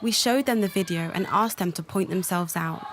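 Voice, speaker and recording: A woman narrating a documentary in measured, reflective scripted narration. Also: mid-range voice, noisy background.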